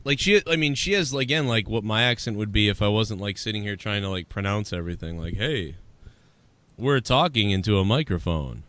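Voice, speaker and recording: A man from the Boston area with a softened Boston accent, hosting a live show in loose, profane, rambling chat. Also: lowish voice, quick pace, few pauses, clear, resonant tone. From Boston area, USA. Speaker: podcast host.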